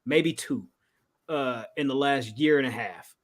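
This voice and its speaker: A man co-hosting a podcast, chatting casually in laid-back slang with quick laughs. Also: mid-range voice. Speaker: podcast co-host. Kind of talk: casual chat.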